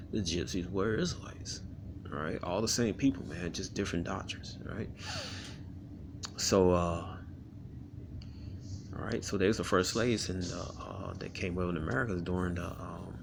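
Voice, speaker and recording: Gravelly deep-voiced man teaching scripture. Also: background noise. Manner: casual, rambling, frequent "man, all right?" fillers; reads verses aloud then explains. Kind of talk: casual scripture study talk.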